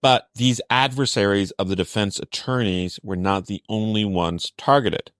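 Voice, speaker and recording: A young adult man gives dry, pointed commentary on a true-crime podcast, reading from a script. His voice sits very low. The recording is close and dry. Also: fairly even intonation, normal speed, fairly bright tone, clean tone, dry recording. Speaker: podcast co-host.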